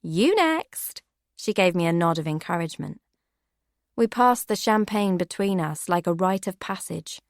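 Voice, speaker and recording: A woman giving steady, measured first-person audiobook narration. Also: lowish voice, no echo, clean studio sound.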